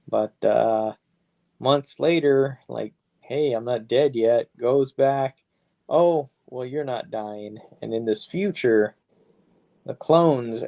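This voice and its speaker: A podcast co-host with a medium-pitched, creaky, mellow voice chats casually and profanely about movies, rambling in a laid-back way.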